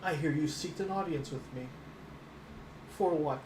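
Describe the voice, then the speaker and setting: A man voicing a dirty, disheveled, middle-aged male king who speaks in a raspy, menacing voice, recorded in an echoey room with background noise. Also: a little high, unhurried, lightly acted. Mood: imperious.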